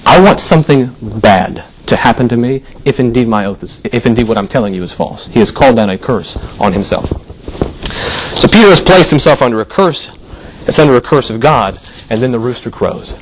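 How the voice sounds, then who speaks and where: In a church sanctuary, a man preaches a sermon, telling the story conversationally and briefly acting out the voices of its characters. His voice is medium-pitched, and the low-quality recording has slight background noise.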